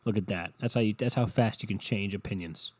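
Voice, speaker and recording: A man with a fairly low voice rambles through a podcast story, cursing freely and poking fun at himself. The sound is close and dry, with no room around it. He keeps it loose and conversational, like chatting with a co-host. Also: fairly quick, a little mellow, husky, dry recording. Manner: swears a lot, rambling, self-mocking. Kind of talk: casual profane storytelling rant.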